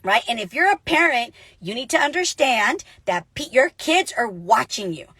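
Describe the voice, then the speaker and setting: A woman giving an energetic, chatty motivational talk as a business coach, telling stories with lots of animation. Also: on the high side, moderate pace, breathy edge, no echo. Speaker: network marketing coach. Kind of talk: motivational casual vlog.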